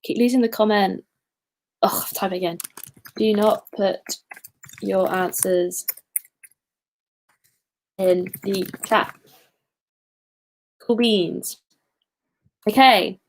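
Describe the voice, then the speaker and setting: A woman's voice: mid-range voice, fairly even intonation, extremely slow, long pauses, a little hiss or hum. A young woman hosting a casual livestream quiz, chatty and giggly with self-deprecating asides. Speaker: quiz host.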